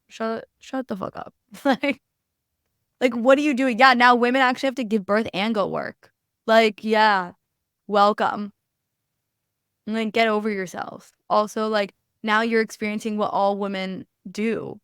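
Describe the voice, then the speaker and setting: A young woman hosting a podcast, giving blunt, animated opinions in casual chat, swearing freely and saying "like" often. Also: medium pitch, dry recording, clean studio sound. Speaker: podcast host.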